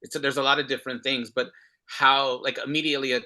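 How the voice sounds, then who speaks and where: A man's voice: medium pitch, little pitch movement, quick pace, sharp tone. A man and father in a casual video-call discussion, speaking earnestly and passionately with frequent restarts.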